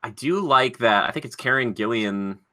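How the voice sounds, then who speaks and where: Bright-voiced man in casual podcast chat. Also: mid-range voice. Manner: rambling, filler-heavy, quick to laugh. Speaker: podcast co-host.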